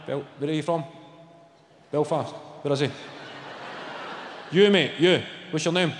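A man's voice: a little high, animated, normal speed, long pauses, very noisy. A man with a Scottish accent doing brash, sweary stand-up comedy, mocking the crowd. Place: large comedy venue, on stage. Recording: live hall, roomy and reverberant. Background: audience laughter.

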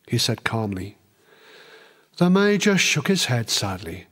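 A man's voice: medium pitch, big pitch swings, unhurried, pauses often, fairly bright tone. A man reading his own book aloud as a dramatic audiobook narrator. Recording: long reverb.

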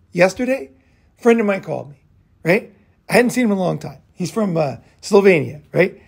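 A man's voice: high voice, lively intonation, moderate pace, vocal fry, breathy edge. A middle-aged man telling stories in a rambling casual monologue, full of fillers and swearing. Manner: rambling storytelling with frequent profanity and fillers. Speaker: podcast host.

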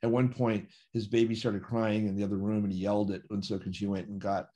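A man telling a personal story in a relaxed, anecdotal way, acting out the dialogue of the people in it. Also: fairly low pitch, a little fast. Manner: vivid anecdotal storytelling, acts out dialogue with quoted voices. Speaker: interview guest. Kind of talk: casual storytelling.

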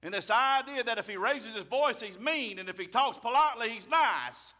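A man, a pastor preaching a fiery sermon loudly and emphatically. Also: very high-pitched, animated, normal speed. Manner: loud, emphatic, raises his voice.

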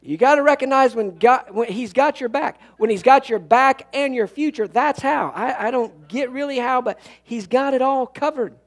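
Man, pastor, sermon, very high voice, animated, folksy humor, loud-to-hushed swings. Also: moderate pace, few pauses.

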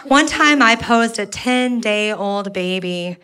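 A woman's voice: mid-range voice, lively intonation, slow pace, clean tone. A woman performing a brash, exasperated stand-up comedy set on a club stage. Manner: brash, exasperated, loud outbursts. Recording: live club recording with audience laughter. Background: crowd laughing.

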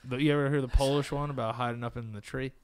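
A man's voice: medium pitch, steady tone, fast, heavy background noise. Laughing, rambling male podcast host. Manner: laughs through his own jokes, rambling storyteller. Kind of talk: casual chat.

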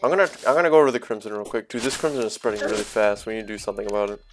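A man's voice: lowish voice, steady tone, racing, music in the background, rough recording. A man co-playing a game on a live stream, joking around in casual chat. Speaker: co-player on a stream.

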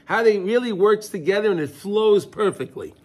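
A man's voice: sits high, lively intonation, moderate pace. A man teaching a Torah class, often repeating words and asking his listeners questions as he explains a text. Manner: repeats words, asks listeners questions, mixes Hebrew terms.

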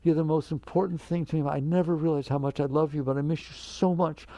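A man's voice: a little high, fairly even intonation, quick pace, mellow, no room sound, close to an everyday voice. A man voicing a remorseful girlfriend who pleads on the phone, gushing apologies and asking to come back. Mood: pleading.

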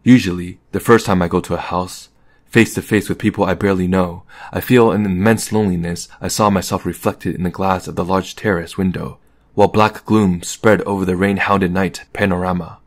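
A man reading a novel aloud as an audiobook in a calm, measured narration. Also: low-pitched. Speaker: audiobook reader.

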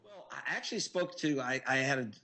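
Man, reporter being interviewed, husky, average pitch, earnest and animated. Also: brisk. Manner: earnest, animated storytelling with sudden pitch jumps. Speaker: investigative reporter. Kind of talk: interview answers.

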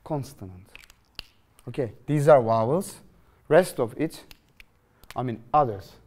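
Lively man teaching grammar. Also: medium pitch, a little slow. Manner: lively, questioning, repeats phrases to students. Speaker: English teacher. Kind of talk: classroom grammar lesson.

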